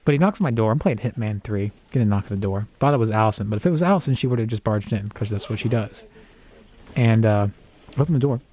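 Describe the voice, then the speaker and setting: A man's voice: lowish voice, quick pace, a little mellow. A young man co-hosting a college radio show, chiming in with jokes and telling his side of a story. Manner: joking interjections, playful. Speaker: radio co-host. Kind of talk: casual banter on college radio.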